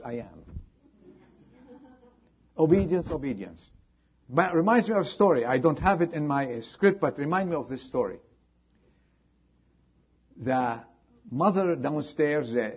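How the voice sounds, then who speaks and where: A man's voice: mid-range voice, breathy edge, highs cut off. A man preaching a sermon, earnestly repeating rhetorical questions to his congregation, in slightly non-native phrasing. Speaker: pastor.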